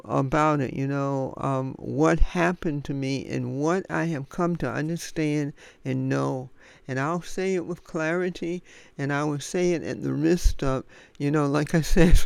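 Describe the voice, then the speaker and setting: A man delivers a recorded devotional sermon in an earnest, emphatic manner, filling his pauses with ums. His voice is slightly high for a man, gravelly yet smooth. The recording is dry and close, with no room sound. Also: no room sound. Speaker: Christian teacher.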